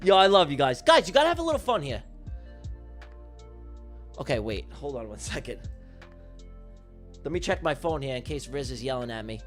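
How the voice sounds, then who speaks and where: A man hosting a live day-trading stream, talking in a brash, profane and excitable way. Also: medium pitch, moderate pace, pauses often, soft background music. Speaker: day trader hosting a livestream.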